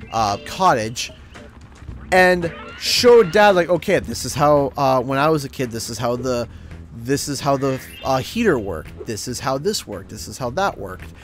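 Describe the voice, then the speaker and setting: A man streaming a game, telling a story casually and acting out what other people said. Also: high voice. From Canada. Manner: animated, acts out other people's lines in changed voices. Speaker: gaming streamer.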